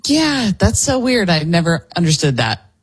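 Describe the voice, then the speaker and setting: A young adult co-host chimes in with dry, laid-back quips during radio banter. The voice is a bit husky and swings lively in pitch. The talk is picked up in a radio studio. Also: moderate pace. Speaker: radio show co-host and producer. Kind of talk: casual on-air banter.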